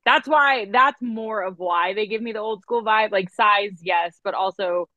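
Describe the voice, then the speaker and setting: A woman in casual podcast chat, chatty and firm in her opinions. Her voice sits at a middling pitch, and it comes through slightly dull and lo-fi with a dry, close sound. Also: unhurried, bright, forceful tone, dry recording. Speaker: podcast co-host.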